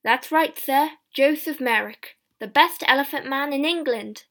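A woman reading a storybook, voicing a loud, eager, servile Victorian male showman who calls everyone sir. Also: sits high, a little slow, pitched above the performer's own voice. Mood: fawning.

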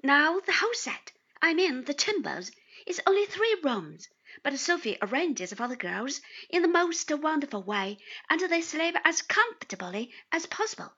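A woman's voice: high voice, big pitch swings, normal speed, sharp tone, muffled recording, pitched above the performer's own voice, exaggerated voice. A woman reading an earnest, chatty young husband. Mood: eager. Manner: earnest, chatty, drops to confidential tones. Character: cheerful young man, newly married lawyer.

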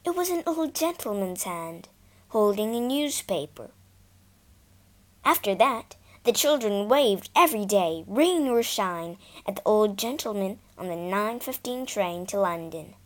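A woman narrating a children's storybook slowly and expressively. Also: mid-range voice. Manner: slow and expressive.

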